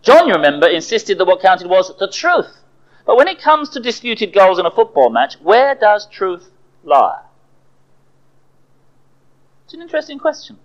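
A man preaching a sermon, telling stories with animated, dramatic delivery. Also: sits high. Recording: dull lo-fi recording.

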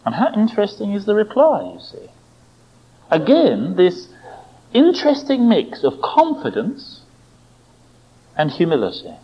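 A man preaching a sermon, with expressive delivery, rhetorical tag questions and dramatic quoted voices. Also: high voice, unhurried, pauses often, breathy edge. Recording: dull lo-fi recording.

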